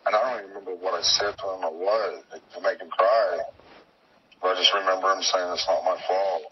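Interviewee, man: low, halting, plainspoken, heard from far off on a muffled recording with faint hiss. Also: steady tone. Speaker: interviewee, missing girl's father. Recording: dull, distant phone-like recording with faint noise.

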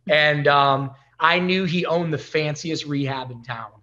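A man talking as a podcast guest, telling stories in an animated way and acting out the dialogue. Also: on the high side, measured pace, highs cut off. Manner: animated storyteller who acts out quoted dialogue. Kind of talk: casual storytelling interview.

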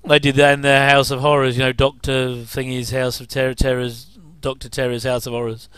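A man's voice: mid-range voice, little pitch movement, fairly quick, fairly bright tone, smooth. A man giving a casual, rambling commentary over an old TV episode, with frequent chuckling asides.

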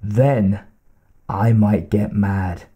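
Guy voicing a tough blunt homicide cop, calm and menacing, dark mellow voice, audiobook. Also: lowish voice, a little slow. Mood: grim. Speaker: homicide detective.

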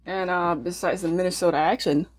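A woman's voice: lowish voice, fairly even intonation, a little fast. A young woman chatting casually to her viewers between mouthfuls as she hosts an eating video. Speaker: mukbang eating channel host.

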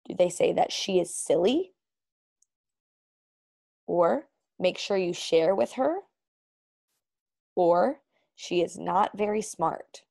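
A woman teacher reading a storybook aloud with lively sound words, then going through quiz questions for her students. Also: on the low side, slow, creaky, pauses often.

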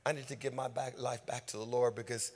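A man's voice: mid-range voice, level tone, a little fast, natural voice. A man playing a broken, pleading young man. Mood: hushed pleading. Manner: hushed, half-whispered pleading.

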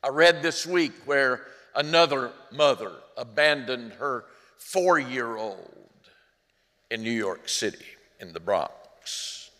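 In a church sanctuary with long, hall-like reverb, a male pastor takes his sermon slowly and expressively, speaking earnestly. He rises loud on quoted cries and drops low and hushed when the moment turns tender.

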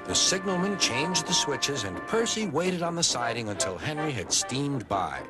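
Animated American storyteller. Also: male voice, on the high side, normal speed. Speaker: narrator. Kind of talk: storybook narration for children's TV. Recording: music bed under the voice.

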